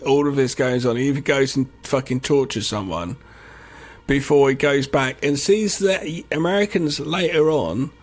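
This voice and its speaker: A man's voice: mid-range voice, moderate pace. A man co-hosting a podcast, chiming in with jokes and impressions. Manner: jokey, chimes in with loud impressions. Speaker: podcast co-host. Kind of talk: casual film discussion.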